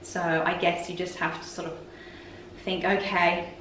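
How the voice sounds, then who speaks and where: A woman's voice: fairly low pitch, level tone, unhurried, a bit bright, slight background noise. Chatty woman, roomy and distant. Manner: chatty, frank and open. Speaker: vlogger. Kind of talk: casual chat to camera.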